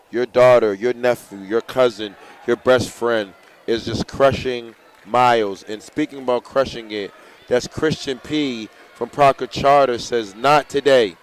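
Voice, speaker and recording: A man's voice: medium pitch, smooth. A man announcing a live track meet, hyping runners, reading out heats and giving coaching tips. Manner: excitable, hypes runners and gives coaching tips. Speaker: race announcer.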